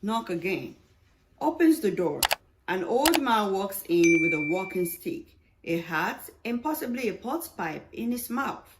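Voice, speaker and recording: A woman reading her own play aloud, speaking the stage directions in a slow, deliberate way. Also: medium pitch, sing-song, background noise. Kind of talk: read-aloud play narration.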